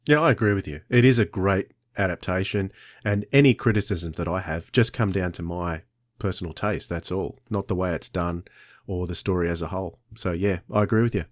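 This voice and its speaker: A man's voice: deep voice, fairly quick, dry recording, studio quality. A man hosting a podcast, agreeable and easygoing. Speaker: host. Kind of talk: casual podcast chat.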